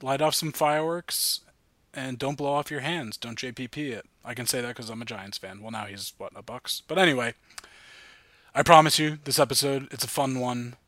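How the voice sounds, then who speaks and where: A man's voice: medium pitch, steady tone, normal speed, a bit bright, no echo. A man hosting a casual podcast, upbeat and rambling with lots of fillers. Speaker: podcast host.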